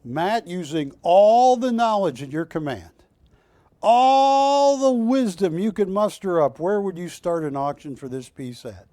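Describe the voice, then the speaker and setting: Older guy selling art on live tv, rambling jokes to the crew, slowish, kinda high voice. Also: animated, dark tone, dry recording. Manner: chatty, jokey, rambling asides to crew. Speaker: shopping channel host. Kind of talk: live TV sales pitch. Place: TV studio.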